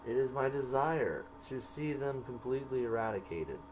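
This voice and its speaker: A man slowly reading entries from his own jail journal aloud, marking each quoted line by saying quote and end quote. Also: medium pitch, lively intonation, darkish tone, slight background noise, poor audio.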